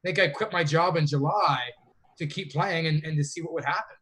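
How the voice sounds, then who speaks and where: A man's voice: a little high, fairly quick, pushed and bright, slightly rough. A man from Canada, a fantasy sports player, telling long rambling stories as a guest in a casual interview. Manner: rambling, self-correcting storyteller.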